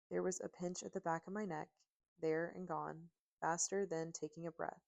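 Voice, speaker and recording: A woman narrating a first-person audiobook in steady, emotive storytelling on a close mic. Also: on the low side, normal speed, gravelly.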